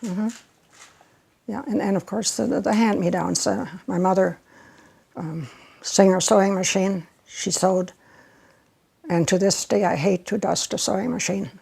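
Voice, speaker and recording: A woman's voice: medium pitch, fairly even intonation, measured pace, vocal fry, pauses often, darkish tone, slightly rough. An older American woman chatting and reminiscing in an oral history interview, laughing often.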